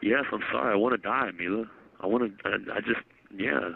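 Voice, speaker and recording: Low gravelly man on a jail phone. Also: brisk, no echo. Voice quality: low, subdued and apologetic. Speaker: jail inmate on a phone call. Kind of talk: personal phone conversation. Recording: tinny recorded phone line.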